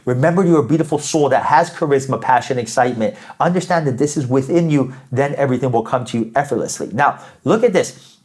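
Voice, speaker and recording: A man's voice: mid-range voice, lively intonation, fairly quick, a little mellow. A man giving a spiritual tarot reading, upbeat and emphatic, often tagging his points with "right?" and repeating phrases. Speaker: tarot reader.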